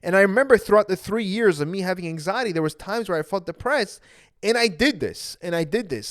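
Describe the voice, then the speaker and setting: Earnest young man with a lively voice. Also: high voice, brisk, no echo, clean studio sound. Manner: earnest, emotional, repeats phrases. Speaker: anxiety coach. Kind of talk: personal storytelling to viewers.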